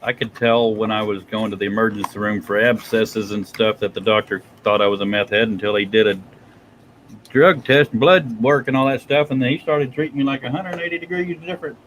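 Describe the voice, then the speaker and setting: A man's voice: lowish voice, a little fast, fairly bright tone, slight background noise, rough recording. A man co-hosting a live stream in casual chat, wisecracking and teasing.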